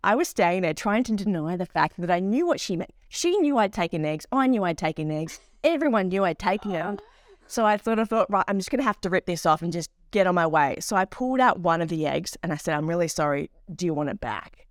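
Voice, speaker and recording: A woman co-hosting a podcast, telling an embarrassing travel story in a lively, animated way and acting out the people in it. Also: on the low side, a little fast, no room sound, studio quality. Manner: animated storyteller, acts out voices in anecdotes. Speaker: podcast co-host. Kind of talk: casual chat.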